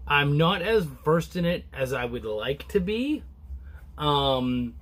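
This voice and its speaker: A man reviewing a comic book in a casual, relaxed chat to camera, rambling with many restarts and fillers. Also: slow pace. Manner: relaxed and low-key.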